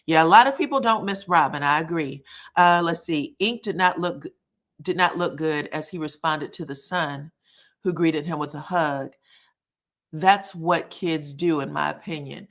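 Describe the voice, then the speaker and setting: A woman with a slightly low voice hosts a casual recap of a reality show. She talks straight to her audience in a chatty, sassy way, full of quick asides and laughing remarks. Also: fairly bright tone. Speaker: host.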